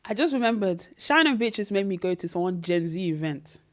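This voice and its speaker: This podcast co-host has a brisk, mid-range voice. In easygoing chat she works through a long story with animated energy, imitating the voices of the people she quotes.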